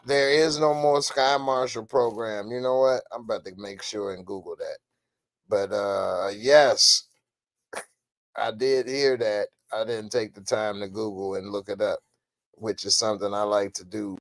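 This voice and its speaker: A man hosting a podcast in casual commentary, animated and slangy, laughing often. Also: on the low side, unhurried, no room sound. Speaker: podcast host.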